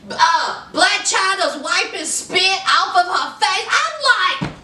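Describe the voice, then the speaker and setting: A woman giving a casual, sassy gossip recap in an animated storytelling way, calling her viewers honey and y'all. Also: very high voice, slow, far from the mic. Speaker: recap vlogger. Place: indoor room under hot lights. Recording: roomy, mic set back.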